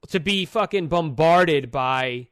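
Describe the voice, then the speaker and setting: A man co-hosting a casual podcast, retelling a story in a lively, profane way with sudden jumps in pitch. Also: takes it slowly, smooth, dry recording, clean studio sound. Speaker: podcast co-host.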